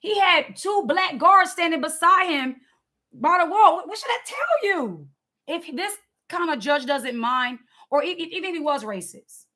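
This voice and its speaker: Woman, impassioned commentator, high and bright, emphatic and preachy delivery. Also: expressive, moderate pace. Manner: emphatic, preachy, repeats words.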